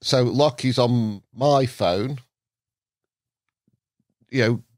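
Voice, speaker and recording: Dry-miked man spinning a lively tale. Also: mid-range voice, extremely slow, no echo. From England. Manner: lively, acts out voices in his stories, laughs often. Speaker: podcast guest. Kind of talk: anecdotal storytelling.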